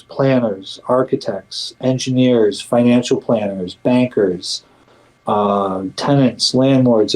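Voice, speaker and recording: A man with a mellow, warm tone talks casually in an interview about his community work. He rambles and restarts, stacking up fillers, but keeps pressing his points with emphasis. When he quotes others, his voice turns livelier. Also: medium pitch, rough recording.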